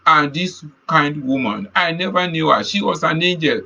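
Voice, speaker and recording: A man's voice: on the high side, animated, moderate pace, gravelly, bright, forceful tone, lo-fi sound. A man preaching a sermon, telling a personal testimony in an earnest way and repeating key phrases. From Nigeria.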